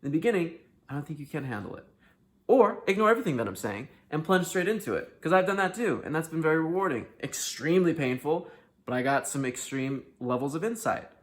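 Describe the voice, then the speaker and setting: A man hosts a self-help video, speaking candidly to the camera in a fairly high voice with lively intonation and a quick pace. He swings between hushed sincerity and loud, emphatic outbursts, swearing freely.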